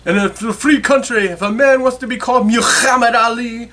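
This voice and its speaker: A man voicing a cranky old Jewish barbershop regular, loud and argumentative with a heavy put-on accent. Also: extremely high pitch, brisk, voice pushed up. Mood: indignant.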